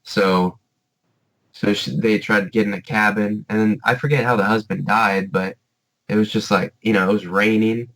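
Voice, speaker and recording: A man with a somewhat low voice, chatting loosely as a podcast co-host. He strings thoughts together with plenty of fillers and restarts. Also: steady tone, normal speed, a bit bright, low-quality recording. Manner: rambling, many fillers like "like" and "you know". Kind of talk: casual chat.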